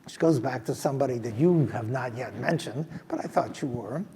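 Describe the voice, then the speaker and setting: A man's voice: mid-range voice, a little fast, dark tone, in a large hall, a little hiss or hum. An older man, a professor, speaking in a fireside chat, thoughtful and emphatic, often restarting his sentences. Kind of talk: fireside chat, answering a question. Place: stage at a business school event.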